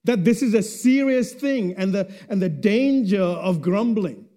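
Slow, high-voiced male preacher. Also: expressive. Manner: slow and deliberate, dropping to a hush at phrase ends. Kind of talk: sermon.

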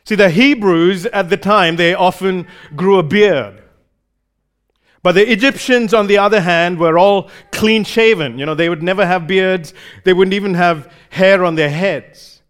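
High-voiced man preaching a sermon. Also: unhurried, a bit bright, clear, resonant tone. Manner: explanatory, acts out short quoted lines.

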